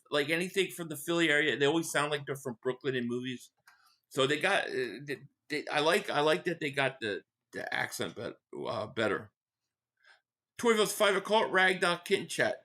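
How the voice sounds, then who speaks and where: A man's voice: on the high side, pushed and bright. A man from the Philadelphia area live-streaming a football game, rambling in casual chat, reading out viewer messages and giving blunt fan opinions.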